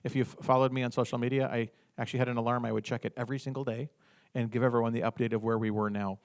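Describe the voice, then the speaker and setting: A man giving an informal business workshop talk, animated, acting out little dialogues with the audience. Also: medium pitch, rapid-fire.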